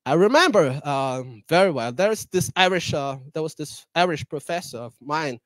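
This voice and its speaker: High-voiced man giving a hesitant talk. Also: expressive, moderate pace, no echo. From Madagascar. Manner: hesitant, many fillers and restarts. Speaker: guest speaker. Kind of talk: public talk to an audience.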